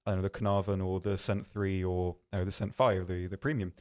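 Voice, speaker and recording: A man hosting a game livestream from an office, answering viewer questions in a rambling, self-deprecating way with many pauses and restarts. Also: sits low, level tone, darkish tone. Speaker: stream host. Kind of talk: casual livestream chat reading viewer questions.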